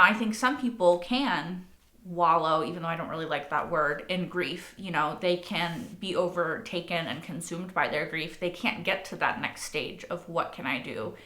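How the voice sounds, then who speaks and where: A woman's voice: fairly low pitch, bright, forceful tone. A young woman hosting a reaction video, talking casually and swearing freely, with a lot of likes and rights. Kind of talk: casual spoken commentary. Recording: echoey room.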